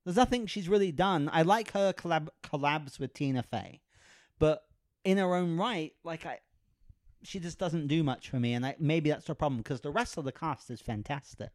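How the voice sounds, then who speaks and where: A young man hosting a podcast in casual chat, playful and quick to laugh. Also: on the high side, no echo, clean studio sound. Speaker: podcast host.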